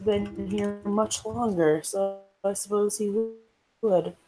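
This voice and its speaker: A woman doing a slow, gracious Irish courtier. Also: medium pitch, steady tone, music in the background, close to an everyday voice, rough recording. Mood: amused.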